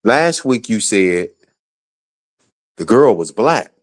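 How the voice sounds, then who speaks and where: A man's voice: on the low side, sing-song, slow pace. Pissed off guy going off on a stream, cussing, repeating himself over and over. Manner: angry, profane, repetitive. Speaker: guest. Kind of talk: heated livestream rant.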